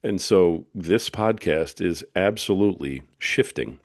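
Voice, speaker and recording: A middle-aged man with a very low, deep voice hosts a solo podcast. He preaches in emphatic, punchy declarations. The sound is dry and close to the mic. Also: expressive, measured pace, a little mellow, no room sound. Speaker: podcast host.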